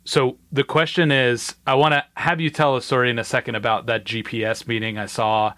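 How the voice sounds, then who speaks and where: A male host asks questions in a conversational interview, pausing thoughtfully as he phrases them. His voice sits at an ordinary middle pitch. The sound is dry and close. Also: flat delivery, fairly bright tone, no room sound.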